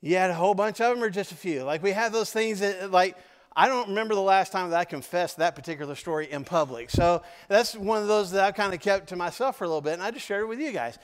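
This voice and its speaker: A man's voice: sits high, fast talker, clear, resonant tone. A man, telling a personal story in a conversational sermon to his congregation, with asides to the audience. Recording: long hall reverb.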